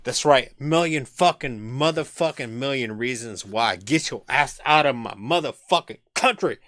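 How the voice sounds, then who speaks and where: A man streaming, talking over music in loud, heavily profane ranting commentary. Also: mid-range voice, expressive, normal speed, no room sound, clean studio sound.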